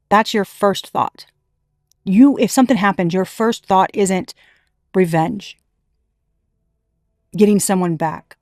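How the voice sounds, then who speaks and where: A woman's voice: medium pitch, a little mellow, no room sound. Woman tarot reader, chatty and emphatic, freely swearing, dry close sound. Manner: chatty, emphatic, laughs often, swears casually. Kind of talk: casual spiritual reading to camera.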